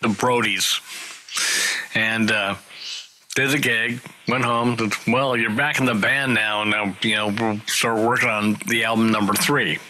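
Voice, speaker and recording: A man telling road stories in a casual interview, animated and acting out the people he quotes. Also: lowish voice, measured pace, a little hiss or hum, poor audio.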